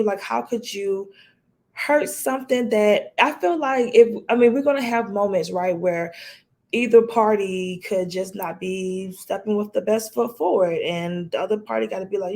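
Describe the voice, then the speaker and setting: A woman co-hosting a podcast, talking bluntly and with animation and swearing freely. Her voice sits at a medium pitch in relaxed conversation. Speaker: podcast co-host. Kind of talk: casual chat.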